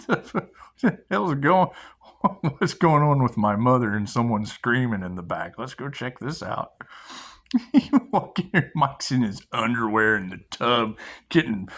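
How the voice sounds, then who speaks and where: A middle-aged man talks in a loose, rambling monologue that drifts between spiritual musings and stories about his own life. He laughs often, swears casually, and swings his pitch widely when he quotes other people. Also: fairly bright tone. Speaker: channel host.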